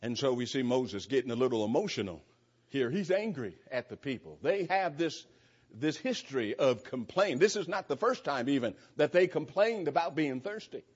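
A man's voice: mid-range voice, very animated, normal speed, slightly rough. A man preaching an earnest sermon, reading scripture aloud with emphasis and small restarts. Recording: dull lo-fi church recording.

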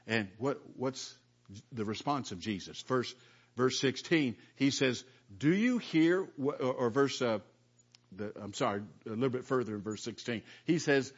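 A man preaching a sermon in an earnest, halting way, often repeating words as he reads and explains scripture. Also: mid-range voice, animated, dull audio. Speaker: pastor.

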